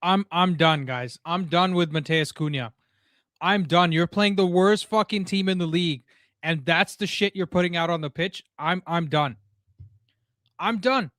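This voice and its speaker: A man's voice: high-pitched, a little slow, a bit bright, no echo, studio quality. Fuming man ranting over a football match. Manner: frustrated ranting with swearing and stammered restarts. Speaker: football watchalong host. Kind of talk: live match reaction. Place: home room.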